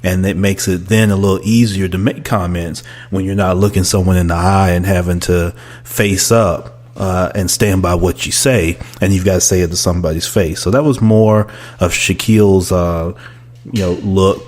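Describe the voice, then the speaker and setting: Deep-voiced man hosting a podcast. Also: normal speed. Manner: relaxed, thinking aloud with fillers. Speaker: podcast host. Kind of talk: casual commentary.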